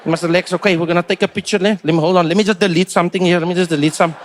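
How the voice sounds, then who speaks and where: Man putting on an excited young Cape Town fan with a Cape Town accent. He talks in a high, loud voice that pushes and insists. He is bossy and eager and will not let his point go. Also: racing, close to an everyday voice. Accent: Cape Town English.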